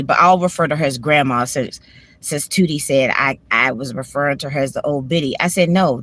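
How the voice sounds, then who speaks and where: Sitting in her parked car, a Washington DC woman talks into her phone for a vlog, rambling candidly and profanely in casual, emotional chat. Her voice is low with a fairly bright tone, and the recording is dry.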